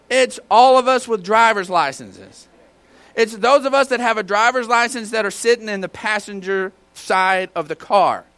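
A man preaching a sermon in church, telling folksy stories and now and then shouting out a line. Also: high-pitched. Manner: folksy storytelling with bursts of shouting. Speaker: pastor.

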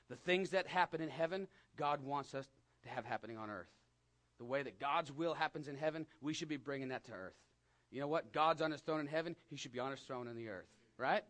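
West texas guy preaching, kinda high voice, chatty then punchy then real quiet. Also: fast talker. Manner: conversational preaching, rising to emphatic peaks, drops to hushed asides. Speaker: pastor. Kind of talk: sermon.

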